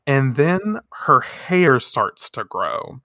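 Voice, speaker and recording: A man co-hosting a casual recap podcast, animated, swearing often and laughing a lot. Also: mid-range voice, extremely slow, no room sound, studio quality. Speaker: podcast co-host.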